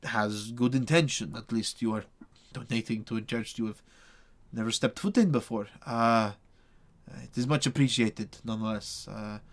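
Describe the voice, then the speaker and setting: A man voicing a meek, earnest male priest in a tabletop game, speaking haltingly with frequent stammers. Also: mid-range voice, steady tone, close to an everyday voice. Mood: gracious.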